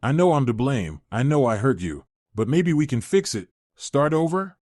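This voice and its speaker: Playing a remorseful young fiancé, a male narrator begs insistently for his partner not to leave. His medium-pitched, darkish voice has a sing-song rise and fall at a normal speed, and the close, dry recording carries no room sound.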